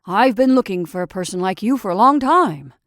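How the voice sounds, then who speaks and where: A woman voicing Santa Claus as a brisk, hearty old man in a storybook reading. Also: mid-range voice, animated, no room sound, studio quality, natural voice. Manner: loud, hearty, hurried.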